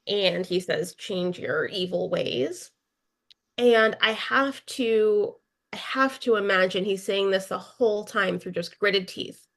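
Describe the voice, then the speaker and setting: A woman preaching a sermon in a relaxed, conversational way, with asides and fillers. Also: mid-range voice.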